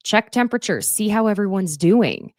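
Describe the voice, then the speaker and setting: A woman's voice: mid-range voice, expressive, normal speed, dry recording, studio quality. A young woman hosting a podcast, recapping a reality show in a chatty, opinionated way and quoting cast members. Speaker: podcast host. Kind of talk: casual recap commentary.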